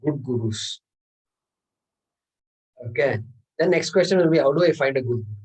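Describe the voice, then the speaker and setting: A man's voice: mid-range voice, expressive, normal speed, darkish tone, breathy edge, rough recording. A man, teaching a scripture class and explaining terms patiently, repeating words and chuckling often. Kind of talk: class lecture.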